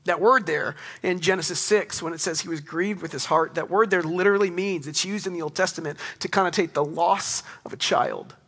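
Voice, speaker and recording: Bright-voiced young man preaching. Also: high voice, a little fast, few pauses. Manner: earnest, conversational preaching with rising emphatic questions. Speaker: pastor. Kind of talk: sermon.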